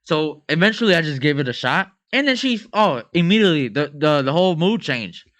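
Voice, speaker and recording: Animated, bright-voiced young man telling stories. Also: fairly high pitch, a little fast. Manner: animated, slangy storytelling, laughs often. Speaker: podcast co-host. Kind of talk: casual chat, storytelling.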